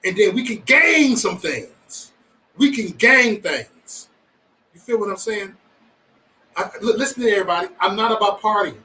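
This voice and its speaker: Lively, bright-voiced man ranting on a livestream. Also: high-pitched, moderate pace, far from the mic, poor audio. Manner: profane, rambling banter, jokingly threatening. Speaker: livestream host. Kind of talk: casual livestream chat with viewers.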